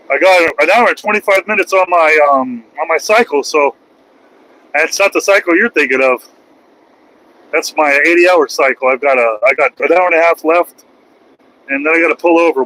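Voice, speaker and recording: A middle-aged trucker chats on a casual live stream from his cab while driving, rambling and making self-mocking jokes. His voice is fairly high and sharp, on poor audio with a little hiss or hum.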